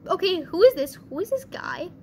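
Excitable channel host, female, very high pitch, reacting fast to gameplay. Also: slight background noise. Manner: excitable, quick reactions, bursts of laughter. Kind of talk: gameplay commentary.

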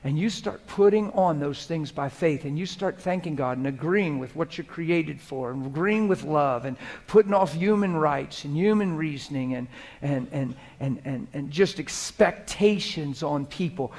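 A middle-aged man preaching a sermon to a live congregation, moving from hushed prayerful murmurs to loud, animated, laughing storytelling. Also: on the high side, normal speed. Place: church hall before a live congregation.

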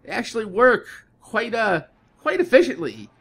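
A man's voice: sits high, wildly swooping pitch, normal speed, a bit bright, breathy edge. A man hosting a gameplay video, rambling casually with lots of swearing and frequent laughs. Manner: profane, rambling, laughs often.

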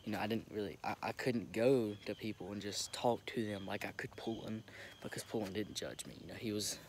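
A young man recording himself on his phone, talking haltingly with many restarts as he holds back tears. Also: on the low side. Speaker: vlogger. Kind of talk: emotional direct-to-camera update. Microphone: phone camera. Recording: phone recording with noticeable background noise.

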